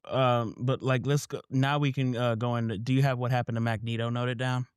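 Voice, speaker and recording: A man co-hosting a casual talk about comics, reacting with wry quick asides. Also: mid-range voice, little pitch movement, smooth, no room sound, studio quality. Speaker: podcast co-host.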